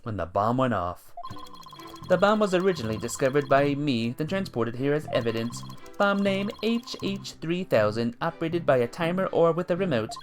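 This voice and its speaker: Stiff robotic bomb expert. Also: male voice, fairly high pitch, soft background music. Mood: clipped. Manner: clipped halting monotone delivery.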